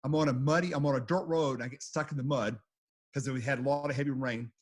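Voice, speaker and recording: A man's voice: medium pitch, steady tone, quick pace. A man recounting storm chases as an interview guest, in a casual, rambling way that repeats phrases. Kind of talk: casual storytelling.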